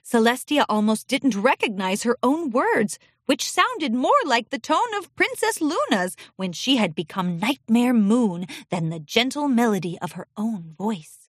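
A woman narrating a children's storybook with an expressive, animated reading. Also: fairly high pitch, measured pace, no room sound, clean studio sound.

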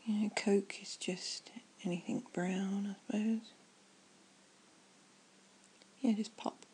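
A woman doing a whispered ASMR chat, soft and rambling as she muses aloud. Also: medium pitch, fairly even intonation, unhurried, husky, poor audio.

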